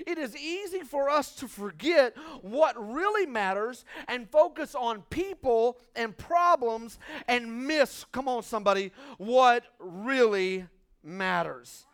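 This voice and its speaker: A man preaching a sermon to a congregation, joking and urging the crowd with "come on, somebody", swinging between loud bursts and quiet asides. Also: extremely high pitch, animated, slow, smooth. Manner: humorous, call-and-response urging "come on somebody". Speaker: pastor. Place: church before a congregation.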